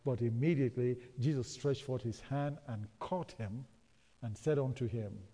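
A man preaches a sermon in a mid-range, dark-toned voice at normal speed, urging the congregation to respond and repeating phrases to drive points home. The recording carries a long hall reverb.

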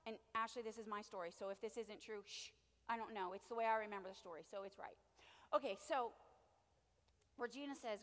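A woman preaching a sermon, moving between quiet, chatty storytelling and loud, fervent exhortation. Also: medium pitch, normal speed, pauses often, in a large hall.

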